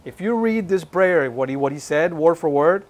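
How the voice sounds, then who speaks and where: Speaking at a moderate pace in a slightly high, expressive and a little mellow voice, a man delivers his personal testimony in church. He plays out the dialogue and exhorts the listeners earnestly.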